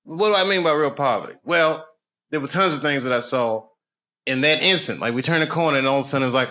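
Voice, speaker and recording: A middle-aged man doing stand-up storytelling on stage, loose and conversational, building to loud excited bursts. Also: medium pitch, fast talker. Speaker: stand-up comedian. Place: comedy stage with live audience. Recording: noisy live show recording. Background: audience laughter.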